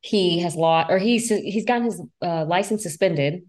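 A woman's voice: fairly low pitch, normal speed, darkish tone. A young woman co-hosting a reality TV recap podcast, talking bluntly and animatedly and swearing freely. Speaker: podcast co-host. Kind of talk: casual recap chat.

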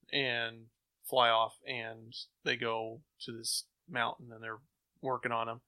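A man's voice: mid-range voice, slow. A man co-hosting a casual chat, animatedly retelling comic stories and acting out the characters' lines. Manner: animated storyteller, acts out quotes. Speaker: comic book podcast co-host.

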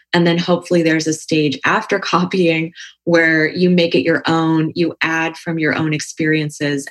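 Thoughtful woman, low voice. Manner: thoughtful, reflective, speaks in long winding sentences. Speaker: yoga teacher and author. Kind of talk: conversational podcast talk.

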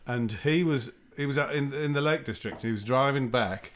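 A man's voice: mid-range voice, normal speed, a bit bright, a little hiss or hum. Man, plain mid voice, easy chatty anecdote teller. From England. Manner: chatty, rambling storyteller. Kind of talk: casual anecdotal chat.

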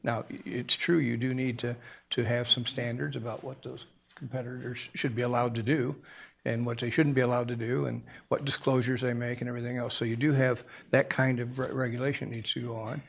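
A man's voice: medium pitch, creaky, breathy edge. A man speaking as a guest in a panel discussion, often stopping to repeat words before pressing his point harder. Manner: halting, repeats words, grows emphatic.

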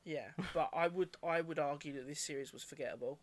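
A man's voice: a little high, a little fast, no echo. A young man co-hosting a casual podcast chat, talking hesitantly with many fillers. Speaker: podcast co-host.

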